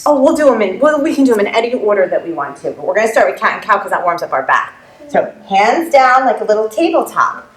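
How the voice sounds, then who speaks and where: A woman's voice: medium pitch, very animated, quick pace, reverberant, soft background music. A woman teaching a family yoga class, upbeat and playful, making animal sounds as she guides poses.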